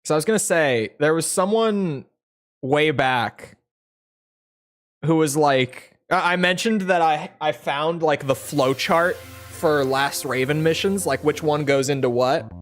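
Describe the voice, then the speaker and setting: A man's voice: on the high side, a little slow, faint music behind. A young man streaming a video game, chatting casually and picking apart the mission text with sarcastic asides. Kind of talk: casual gameplay commentary.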